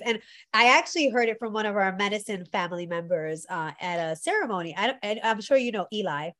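A woman's voice: medium pitch, fairly quick. A woman who leads spiritual retreats, talking in a casual chat and animatedly acting out the people in her stories. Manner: animated storyteller who acts out quotes. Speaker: retreat leader and spiritual guide.

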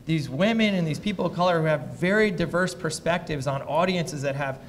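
A man who invests in startups, speaking as a fireside chat guest before a live audience, blunt and profane as he tells lively anecdotes. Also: on the high side, brisk, in a large hall, a little hiss or hum. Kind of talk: candid onstage storytelling.

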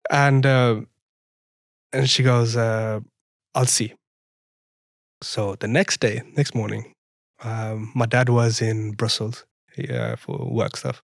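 A man's voice: fairly low pitch, lively intonation, slow, creaky, pauses often, no room sound, studio quality. Chatty young man telling stories. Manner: chatty, laughs often while telling stories. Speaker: podcast guest. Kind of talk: casual storytelling in an interview.

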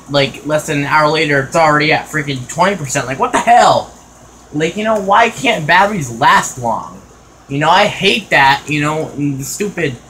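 A man's voice: fairly high pitch, sharp tone, slight background noise, rough recording. A man ranting casually to his own vlog channel in an exasperated, repetitive way, full of "you know" fillers, recorded on a phone. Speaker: vlogger.

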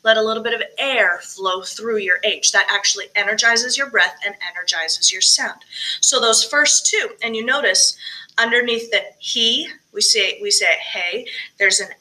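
In poor audio, a choir director records herself alone for virtual practice, explaining diction and breathing and demonstrating with short sung phrases between tips. She has a medium pitch and bright, forceful tone, speaking at a moderate pace.

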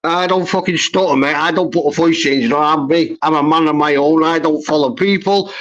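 A man with a notably high voice hurls insults in a heated livestream argument, talking over everyone. The call audio is dull and lo-fi. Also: brisk, a bit bright. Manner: aggressive, swearing, talks over others. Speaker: livestream panel guest. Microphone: online call.

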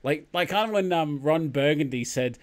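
A man's voice: a little high, lively intonation, normal speed. A man with an Australian accent hosting a casual live chat, rambling through stories with many fillers and frequent laughs. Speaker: host of a live chat show.

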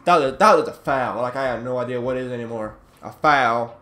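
A young man recording gameplay commentary, yelling frustrated outbursts at the game with a strained, cracking voice. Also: medium pitch, fairly quick, faint music behind. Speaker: gaming YouTuber.

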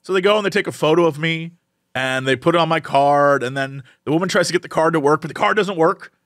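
A man's voice: fairly high pitch, fast, no echo, clean studio sound. A young man co-hosting a podcast, telling a funny family story in casual chat and acting out the people in it. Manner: animated storyteller acting out family members' voices. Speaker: podcast co-host.

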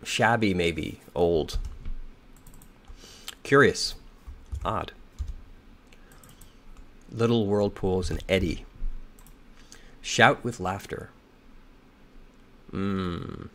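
A slightly hoarse man thinking aloud as he solves a crossword, reading clues and muttering and second-guessing his answers. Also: low voice, drawn-out words, pauses often, a bit bright. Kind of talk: thinking aloud while solving.

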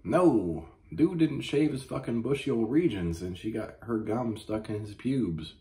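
A man hosting a comedy show, ranting crudely and profanely with mock outrage and animated storytelling. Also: medium pitch, measured pace. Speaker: comedy podcast host. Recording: echoey room.

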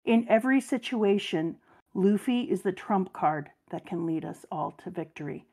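A woman reading a comic aloud and voicing a calm, composed grown woman pirate in a low, steady voice. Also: moderate pace.

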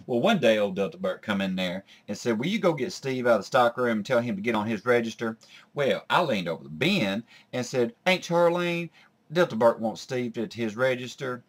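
A crass woman, voiced by a man in his plain, mid-pitched voice spins crude workplace gossip. She drawls out her comedy-sketch stories with no filter at all. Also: expressive, fairly quick, natural voice. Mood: storytelling.

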